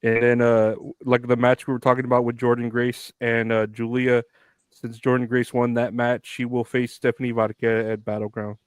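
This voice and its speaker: A man's voice: mid-range voice, completely flat delivery, moderate pace, smooth, no echo. Man, podcast co-host, casual wrestling chat, frequent laughs, dry close sound. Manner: laughs often, loose and rambling.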